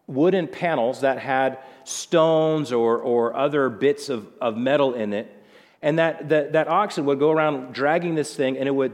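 Pastor, male, slightly high voice, chatty sermon delivery, long hall echo. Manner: conversational, acts out quotes with shifting voices. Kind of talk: sermon, Bible teaching.

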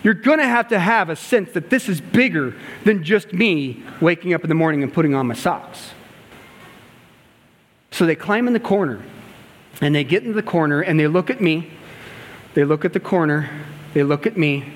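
A man preaching a sermon, telling a story and acting out the dialogue, moving between loud passages and hushed ones. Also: on the high side, lively intonation, moderate pace, long pauses. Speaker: pastor and gymnastics coach. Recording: long hall reverb.

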